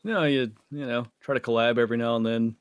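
A man's voice: mid-range voice, fairly even intonation, quick pace, smooth, no room sound. A man guest streamer chatting casually and trading wry banter.

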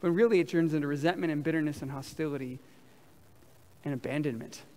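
A man preaching a sermon to a congregation, lively and talking with the crowd. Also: fairly high pitch, quick pace. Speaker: pastor. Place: large church hall. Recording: reverberant church hall.

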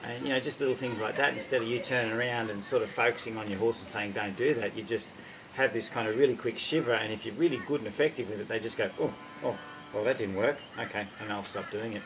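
Gravelly Australian horse trainer. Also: male voice, fairly low pitch, fast talker, background noise. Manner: rambling, with many fillers and restarts, acting out horse replies. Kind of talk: casual spoken teaching.

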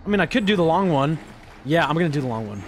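A young man giving jokey, profane live commentary while playing a horror game, yelping and shouting when startled. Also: a little high, expressive, fast talker, slight background noise.

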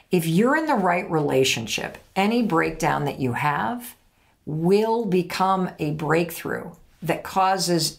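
A woman's voice: fairly low pitch, gravelly. A middle-aged woman hosting a direct-to-camera advice talk, blunt and emphatic, casual and not above swearing. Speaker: host.

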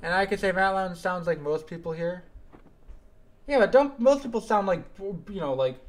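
Excitable young man streaming a game. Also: high voice, normal speed. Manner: excitable, bursts louder when things happen. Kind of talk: live gameplay commentary, chatting with viewers.

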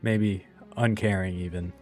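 A man's voice: low voice, steady tone, a little slow, darkish tone, faint music behind. Man chatting casually over gameplay. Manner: chatty, joking asides to viewers. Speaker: streamer. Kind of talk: casual live gameplay commentary.

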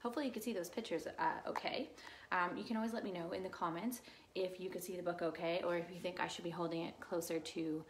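A woman teacher reading a picture book aloud for children's story time, slow and expressive with gentle asides. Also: fairly low pitch, a little hiss or hum.

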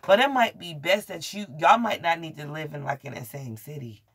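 Facing the camera, a woman with a low, slightly rough voice gives a brisk, casual tarot reading. She curses freely, speaks bluntly, and turns excitable, with frequent laughter and exclamations.

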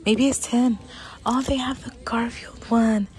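A middle-aged woman filming a casual shopping vlog inside a large department store, chatting, often dropping to a whisper and gasping with excitement. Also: on the high side, unhurried. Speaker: vlogger.

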